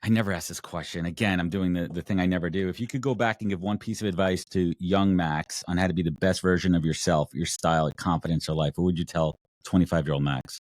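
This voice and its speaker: A man's voice: sits low, fairly even intonation, quick pace, few pauses, darkish tone, no room sound, studio quality. A man hosting a podcast, interviewing his guest in a chatty, self-deprecating way. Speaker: podcast host. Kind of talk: conversational interview.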